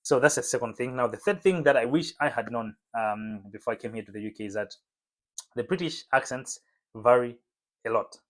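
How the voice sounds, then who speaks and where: Man, chatty, relaxed, casual vlog, talking to camera, home room. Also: medium pitch, brisk. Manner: relaxed, chatty, frequent fillers. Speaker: vlogger. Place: home room lit by a window.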